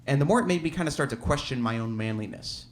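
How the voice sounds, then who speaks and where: A man's voice: mid-range voice, expressive, quick pace. A man from Alabama telling a personal story on a theater stage, wry and self-deprecating, often chuckling as he talks.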